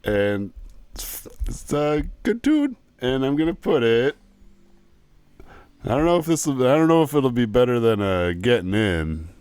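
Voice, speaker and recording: A man's voice: mid-range voice, very animated, a little slow, darkish tone, clean tone, dry recording. A man co-hosting a podcast, chatting casually about songs, laid-back and chuckling as he gives opinions. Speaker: podcast co-host. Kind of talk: casual music chat.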